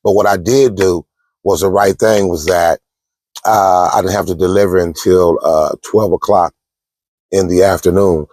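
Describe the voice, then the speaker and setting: A low-pitched man talks casually into a close phone mic from a parked truck. He tells stories and gives trucking advice in a chatty way, calling his viewers y'all. The sound is dry, with no room echo. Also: steady tone, moderate pace, a little mellow. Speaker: truck driver.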